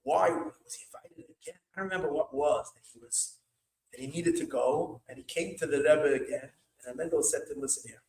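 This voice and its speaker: A man, a rabbi, telling a story at an evening gathering, breaking into shouts and restarting his sentences often. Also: fairly high pitch, fairly quick. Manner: animated, bursts of shouting when retelling yelled lines, many restarts. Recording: echoey room, mic far off.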